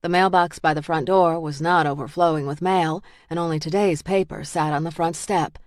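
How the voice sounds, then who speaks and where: Low-voiced woman narrating a thriller. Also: steady tone, moderate pace, no echo, clean studio sound. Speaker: audiobook narrator.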